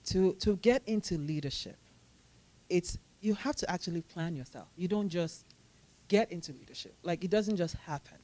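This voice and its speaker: A woman team leader on a panel, giving practical career advice in a steady, matter-of-fact, instructive way. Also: fairly low pitch, moderate pace.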